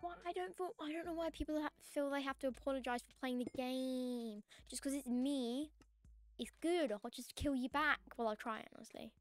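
Faint music plays behind this young woman streaming a game, her high voice clear and resonant at a moderate pace with no room sound. She's chatty and mock-annoyed, humming and singing while she plays.

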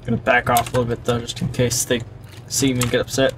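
A man's voice: mid-range voice, completely flat delivery, fast, noisy background. A man giving casual let's-play commentary, chatting to himself as he plays. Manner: chatty, talking to himself while playing. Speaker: gaming channel host.

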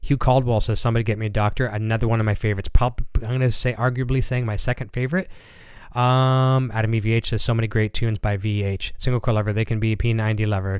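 A man's voice: lowish voice, a little mellow, clean tone, dry recording. Easygoing man reading live chat. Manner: easygoing, filler-heavy, repeats words. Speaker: host of a live-stream gear show. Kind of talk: casual live-stream chat, reading viewer comments.

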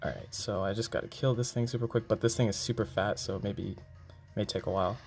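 A man giving live gameplay commentary, excitable and quick to groan and exclaim. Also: fairly low pitch, faint music behind. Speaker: game video creator.

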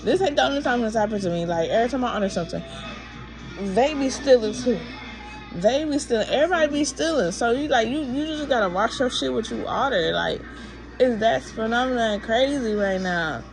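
A woman's voice: on the high side, lively intonation, fairly quick, over music. A woman vlogging a frustrated, rambling rant while drowsy from pain pills. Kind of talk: casual ranting to camera.

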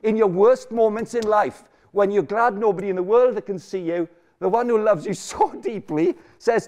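At a student conference in a lecture hall, a man preaches a lively sermon, energetic and full of jokes, repeating points for emphasis. His voice sits high and he keeps a moderate pace.

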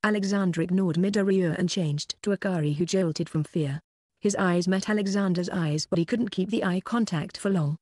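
An audiobook narrator reading a novel in a steady, even way. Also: medium pitch, fairly quick, no room sound, studio quality. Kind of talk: scripted narration.

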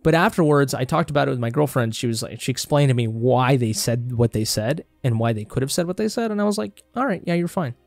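A man's voice: mid-range voice, expressive, fast talker, gravelly, hardly any pauses, no room sound, faint music behind. A young man from Mexico with a Mexican Spanish accent, a native Spanish speaker, delivering a passionate, heated movie review monologue and swearing freely as he gets worked up. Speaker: film vlogger.

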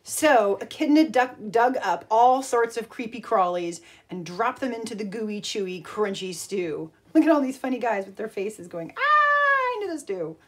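A woman's voice: a little high, normal speed, few pauses, slightly rough. A woman teacher reading a picture book aloud and pointing out the pictures, then leading an art lesson. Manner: expressive storyteller, pointing out pictures.

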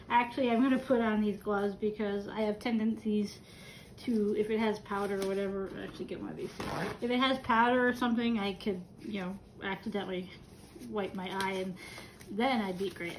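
Woman vlogger, high voice, joking and reluctant, faint noise behind. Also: fairly bright tone, poor audio. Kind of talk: casual food challenge vlog.

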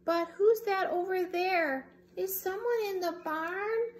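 A woman's voice: very high-pitched, slow pace. A woman reading a picture book aloud for young children in a playful way, making animal sounds as she goes. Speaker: storybook reader.

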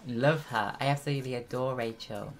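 Very low-voiced British woman streaming a game. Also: a little fast, a little hiss or hum. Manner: chatty, talks to chat, bursts into excited shouts. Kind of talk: casual live gameplay commentary. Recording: loud game music behind.

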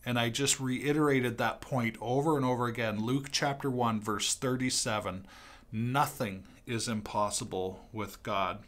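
A man's voice: medium pitch, fairly even intonation, a little slow, a bit bright. A man speaking as a pastor in a devotional talk, earnest, reading from a book and repeating key lines for emphasis.

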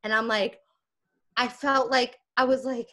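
A woman's voice: on the high side, measured pace. A young woman guest on a podcast telling a story in casual chat, acting out the dialogue as she goes. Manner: animated, acts out quoted dialogue, laughs often.

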